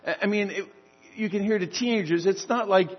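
An older male pastor with a high, husky voice tells a story from the pulpit and acts out its dialogue. His voice carries a long reverb in a dull recording. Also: brisk. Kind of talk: sermon.

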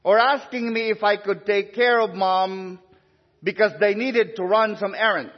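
A man with a high-pitched voice preaches slowly and thoughtfully, leaving long pauses as he tells his story. The sound is somewhat dull, and his voice carries a long reverb through a big church. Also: fairly even intonation. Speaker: priest. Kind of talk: sermon.

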